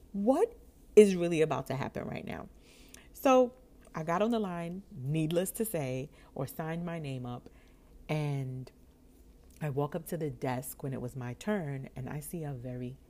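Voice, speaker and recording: This is a woman with a low-set voice telling a personal story to the camera. Her pitch leaps up and down as she plays out each person's lines, and she laughs often as she goes. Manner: expressive, acts out quoted voices, laughs often. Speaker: storyteller vlogger.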